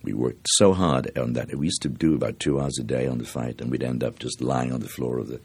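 Gravelly low-voiced Dublin man telling stories. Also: fairly quick, a little mellow. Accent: Dublin, South Circular Road. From Ireland. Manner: reflective, anecdotal, with many restarts and fillers. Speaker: actor. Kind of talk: interview, storytelling.

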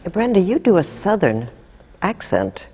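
A woman's voice: lowish voice, sing-song, unhurried, a crowd in the background. A woman hosting an interview, asking curious, prompting questions. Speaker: host.

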